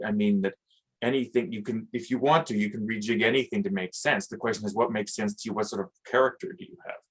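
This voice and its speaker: Hesitant low-voiced man thinking aloud. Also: breathy edge, poor audio. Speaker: podcast host. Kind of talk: reflective conversation.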